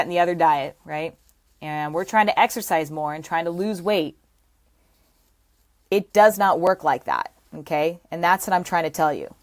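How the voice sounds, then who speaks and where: A woman fitness coach teaching to camera, pressing her points hard and checking in with "okay?" and "right?" after nearly every idea. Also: deep voice. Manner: emphatic, repeats points with frequent "okay?" and "right?".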